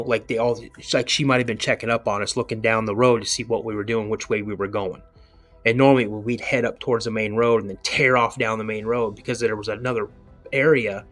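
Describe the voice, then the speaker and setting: An earnest man recounts his own experience as a podcast guest, in a mid-range voice. His telling is casual and rambling, and he circles back over the same words to stress a point. Soft music sits quietly behind him. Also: mid-range voice. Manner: earnest, rambling, repeats himself for emphasis. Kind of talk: casual first-person storytelling.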